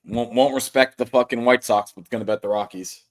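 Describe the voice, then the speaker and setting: A man's voice: medium pitch, fairly quick. A man co-hosting a casual sports betting podcast over a video call, sarcastic and swearing as he ribs his partner. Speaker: podcast co-host.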